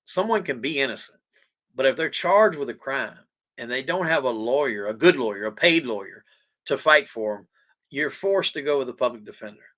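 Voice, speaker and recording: A man's voice: medium pitch, animated, normal speed, a bit bright. A man with a Southern US accent, telling his own story as a podcast guest in a plain-spoken, folksy way, emotional as he talks. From USA. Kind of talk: casual storytelling.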